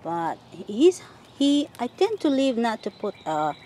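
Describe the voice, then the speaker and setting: A woman chatting casually while she walks through her backyard garden, sometimes calling to her pet rabbit in a high sing-song voice. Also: big pitch swings, takes it slowly, warm tone. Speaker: vlogger giving a garden tour. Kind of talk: casual chat while walking. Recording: outdoor phone video with faint nature noise.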